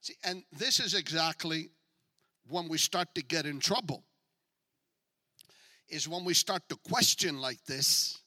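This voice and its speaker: A man preaching a sermon as a guest speaker, dramatic and joking, swinging from quiet talk to shouting. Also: fairly high pitch, unhurried, long pauses, big-room sound.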